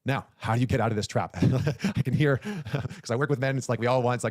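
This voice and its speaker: Fast-talking male relationship coach. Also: mid-range voice, darkish tone, dry recording, studio quality. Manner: emphatic, repetitive, addresses the listener directly. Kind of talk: direct-to-camera advice talk.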